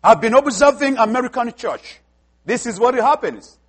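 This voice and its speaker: A man's voice: extremely high pitch, animated, normal speed. A man from Africa with an African accent, preaching a sermon emphatically and asking the congregation questions.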